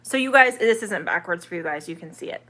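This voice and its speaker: A woman's voice: lowish voice, lively intonation, fast talker, sharp tone. A woman, an online English teacher, chatting through a live-stream Q&A, reading viewer comments aloud and carefully sounding out vowels.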